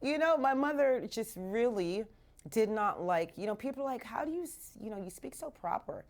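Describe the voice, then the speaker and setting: A woman's voice: mid-range voice, normal speed, darkish tone. A woman from Canada hosting a live radio show, talking casually and animatedly, slipping in Jamaican patois phrases, from a radio studio.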